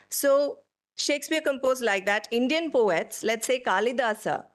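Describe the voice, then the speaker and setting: Slow, explanatory woman lecturer. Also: a little high. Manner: slow, explanatory, asks the audience questions. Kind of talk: lecture to an audience.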